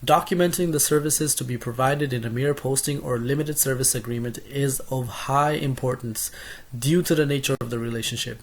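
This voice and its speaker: A man's voice: mid-range voice, a little fast. A young man reading through course notes as a casual spoken summary, reading lists steadily with small self-corrections and asides.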